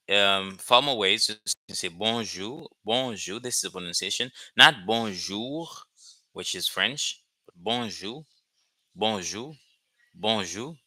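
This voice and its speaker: A man teaching a language lesson, repeating phrases slowly and checking in with "okay?" after each point. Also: on the low side, sharp tone, no room sound. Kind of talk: slow explanatory lesson.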